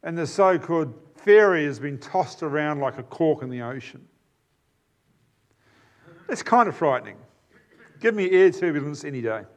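A high-voiced man with a New Zealand accent delivers a sermon. He talks in a relaxed, conversational way, stops often on fillers and asks the congregation quick questions. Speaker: preacher.

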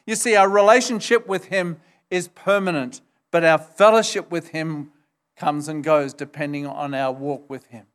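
A man's voice: fairly high pitch, fairly even intonation, normal speed, smooth. A man preaching a sermon, emphatic and earnest as he explains scripture to his congregation. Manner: emphatic, retells scripture with acted quotes. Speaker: pastor.

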